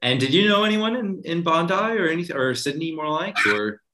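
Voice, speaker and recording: A man's voice: a little high, animated, a little fast, noisy background. A man hosting a podcast over a video call, asking questions in a friendly, hesitant way full of ums. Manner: friendly, hesitant, many fillers. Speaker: podcast host. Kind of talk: casual interview.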